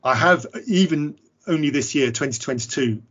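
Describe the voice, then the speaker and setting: A man's voice: a little high, normal speed, a bit bright, muffled recording. An English man hosting a podcast, talking casually in a candid, wry, self-deprecating way. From England. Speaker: podcast host. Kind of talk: casual conversation.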